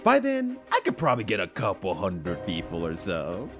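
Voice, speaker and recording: A man's voice: low voice, huge pitch swings, moderate pace, faint music behind, voice pushed down, heavily acted. A man voicing a gleeful, sadistic male villain who mockingly taunts his enemy while streaming a game. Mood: taunting. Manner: mocking, sing-song menace.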